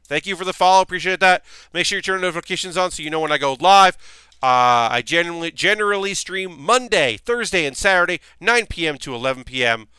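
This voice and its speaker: Annoyed streamer man, bright crisp voice. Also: sits high, animated, quick pace, no room sound. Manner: ranting, annoyed, rambling with many fillers. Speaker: streamer building model kits. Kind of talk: casual live-stream chat.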